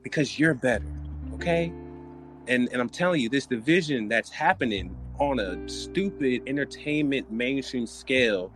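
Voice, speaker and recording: A man hosting a podcast, ranting in casual chat in an animated, joking way with loose slang. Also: medium pitch, moderate pace, soft background music. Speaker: podcast host.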